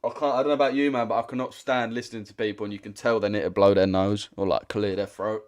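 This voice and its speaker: Talking fast with fairly even intonation, this young British man has a lowish voice. He runs a trading livestream and chats in a direct, slangy, repetitive way.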